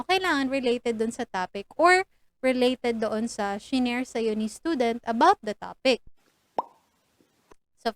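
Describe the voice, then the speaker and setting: A woman's voice: a little high, no echo, low-quality recording. A young Filipino woman with a Filipino accent, chatting through a casual tutorial vlog, mixing English and Tagalog and acting out lesson lines. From Philippines.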